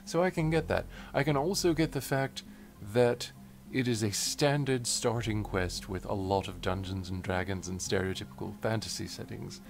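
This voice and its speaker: A man's voice: fairly low pitch, vocal fry, darkish tone. A man giving playful game commentary while reading dialogue aloud. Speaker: let's player.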